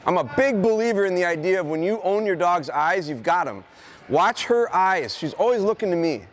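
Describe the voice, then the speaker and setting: A man's voice: sits high, expressive, moderate pace. Man explaining dog training in a gym. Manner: conversational, explaining while giving short dog commands. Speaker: dog trainer giving a demonstration. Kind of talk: live training demonstration to students. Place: high school gym.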